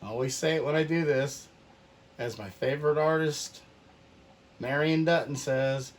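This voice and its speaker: Slow easygoing man teaching painting. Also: on the high side, steady tone. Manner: slow, easygoing, talks to himself while working. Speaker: painting instructor. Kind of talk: relaxed paint-along tutorial.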